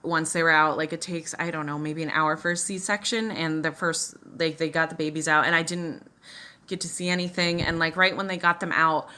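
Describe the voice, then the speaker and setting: A woman's voice: deep voice, steady tone, brisk, bright, forceful tone. A young woman vlogging as she does her makeup, telling a personal story in a chatty, emotional way with many fillers and restarts.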